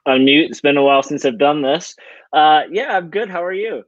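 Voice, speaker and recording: A man's voice: a little high, animated, fairly quick. A man joining a football podcast as a guest, tossing in short joking asides. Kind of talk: casual football podcast chat. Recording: dull lo-fi call audio.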